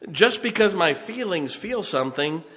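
Folksy preacher man, bright voice, echoing hall. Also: high voice, animated, normal speed. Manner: folksy, chuckles often, keeps checking on the congregation. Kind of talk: sermon.

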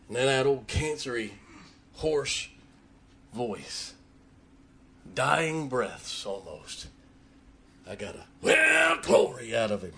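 A preacher from Ohio recounts memories from the pulpit, his voice bright and edged. He swings between loud bursts and hushed, emotional passages. A faint noise sits under the recording. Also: fairly low pitch. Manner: emotional storytelling, drops to a hushed voice for tender moments. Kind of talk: sermon storytelling.

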